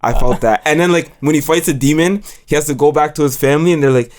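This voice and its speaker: A young man co-hosting an anime review show, talking in a slangy, halting way and retelling scenes in quotes. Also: fairly high pitch, a little mellow. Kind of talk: casual chat.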